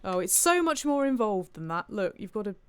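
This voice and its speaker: A woman's voice: mid-range voice, sing-song, brisk, clean tone, dry recording. A woman streaming a cooking game, chatting playfully and reading viewer comments aloud. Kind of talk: casual gameplay commentary.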